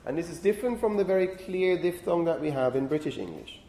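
A man lecturing university students on phonetics, lively and often putting questions to the class. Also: a little high, fast. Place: lecture hall. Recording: echoey lecture hall.

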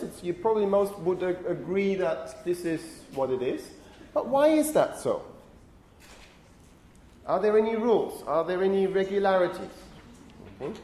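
A male university lecturer with a fairly high but mellow voice explains phonetics, tagging sentences with "okay?" and sternly asking chatty students for quiet. He is recorded in a roomy, echoing lecture hall with faint background noise.

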